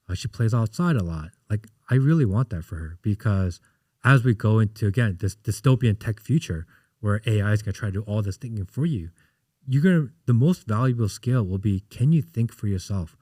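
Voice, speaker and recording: A man in his thirties, a podcast guest, chatting casually and telling animated stories in which he acts out what people said. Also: lowish voice, dry recording, studio quality. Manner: animated storyteller, acts out quotes. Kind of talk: casual interview chat.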